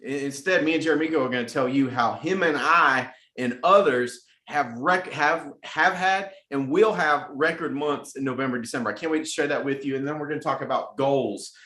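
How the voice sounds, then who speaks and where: A middle-aged man leading a weekly motivational sales meeting, energetic and repeating phrases for emphasis. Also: medium pitch, moderate pace, hardly any pauses, echoey room. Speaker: sales team leader hosting a weekly message. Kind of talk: motivational team address.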